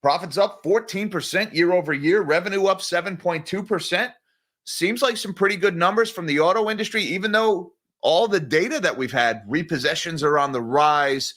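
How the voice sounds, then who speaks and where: A man's voice: high-pitched, normal speed, a bit bright. A man hosting a morning market livestream, talking casually and directly to his viewers. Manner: conversational, direct, addresses viewers as guys. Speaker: market news livestream host.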